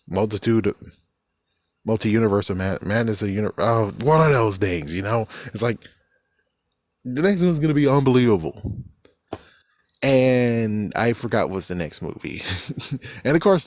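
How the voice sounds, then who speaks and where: In studio-quality audio with no room sound, a man with a fairly low voice vents about movies as a commentary vlogger. Swearing and exasperated, he animatedly acts out other people's quotes.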